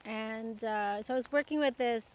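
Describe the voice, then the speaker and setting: A woman's voice: on the high side, moderate pace. A young woman from Canada telling personal stories in a casual, chatty way, laughing often and using lots of fillers. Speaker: podcast host. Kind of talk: casual storytelling monologue.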